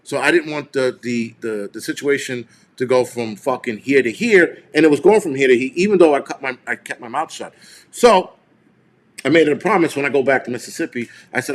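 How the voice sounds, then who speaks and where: A man's voice: medium pitch, fairly quick. A man hosting a live stream, retelling a tense encounter in a heated, profane, rambling way. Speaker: show host.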